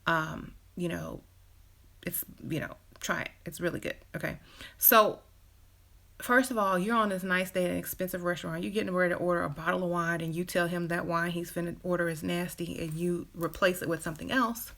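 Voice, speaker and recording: With a lowish, fairly bright voice marked by vocal fry, a woman speaks fairly quickly and with fairly even intonation. She runs a relationship advice live stream, chatting casually, acting out quotes in other voices, and peppering her talk with "you know" and short laughs.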